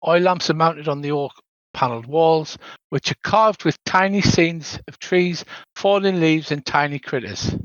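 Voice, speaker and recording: A man's voice: a little high, a little slow, fairly bright tone, dry recording. An older man running a tabletop game as game master, narrating the scenes at length and now and then adding "so there is". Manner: descriptive, tosses in "so there is". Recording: dull lo-fi dry sound.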